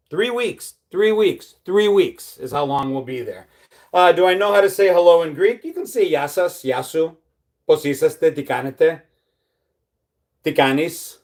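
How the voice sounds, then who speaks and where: Anxious, rambling high-voiced American man. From United States. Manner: anxious, self-deprecating, rambling with restarts. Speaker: livestream host. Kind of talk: casual live chat reading viewer comments.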